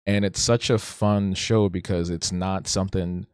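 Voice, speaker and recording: A man's voice: deep voice, fairly even intonation, unhurried, darkish tone, clear, resonant tone, dry recording, studio quality. A man hosting a casual livestream, talking reflectively and rambling, often restarting and stuttering. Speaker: streamer hosting an art talk show.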